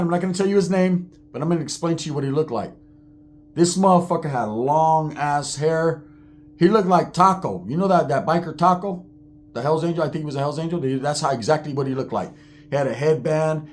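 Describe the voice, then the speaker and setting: A man telling a story in a profane, animated way, full of street slang. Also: on the high side, slight background noise.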